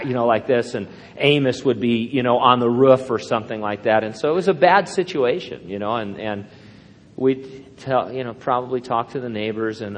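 A man's voice: mid-range voice, fairly quick. An older man, a pastor, preaching a sermon in a rambling, anecdotal way with self-deprecating humor. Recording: long hall reverb.

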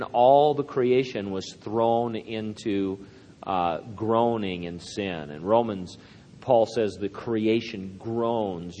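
A man's voice: on the low side, lo-fi sound. An older man, a pastor, preaching a sermon in a rambling, anecdotal way with self-deprecating humor. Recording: long hall reverb.

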